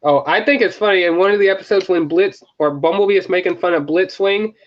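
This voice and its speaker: Animated man with a dull lo-fi sound. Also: sits high. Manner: animated, laughs often, puts on quick character voices. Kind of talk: casual chat.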